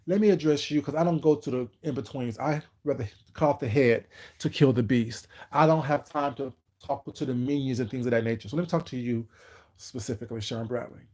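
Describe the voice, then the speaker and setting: Livestream host, male, relaxed dark tone, slow emphatic call-outs between chat shout-outs. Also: medium pitch. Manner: greets viewers by name, calls them baby.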